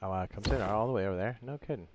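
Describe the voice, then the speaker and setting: A man who is sick and hoarse, streaming a game in casual commentary, with a raspy voice and frequent throat clearing. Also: lowish voice, rapid-fire, noisy background. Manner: clears his throat often, rambling and thinking aloud.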